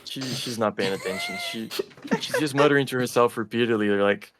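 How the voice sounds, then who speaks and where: A man running a tabletop game as game master, describing scenes in a halting way with many fillers. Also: medium pitch, huge pitch swings, fairly bright tone, soft background music.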